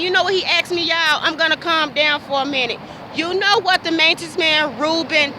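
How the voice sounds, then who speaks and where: An adult woman vlogger records an emotional personal monologue in a very high-pitched voice over a noisy background. She speaks with passion, repeats herself, and fires off one rhetorical question after another.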